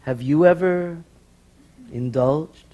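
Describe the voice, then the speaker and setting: A man's voice: fairly high pitch, slow pace, warm tone. A man voicing a sly, confiding rabbi in a stage joke. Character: older male rabbi, sly and candid.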